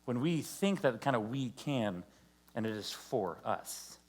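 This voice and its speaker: A man's voice: medium pitch, expressive, unhurried, darkish tone. A man giving a conversational, joking sermon to a church, acting out quotes along the way. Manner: conversational, jokey preaching with acted-out quotes. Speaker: pastor. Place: church service.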